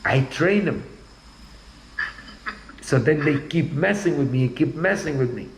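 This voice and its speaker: A man's voice: on the high side, animated, unhurried, vocal fry, reverberant, noisy background. A man in casual conversation, talking bluntly and rambling, often repeating himself.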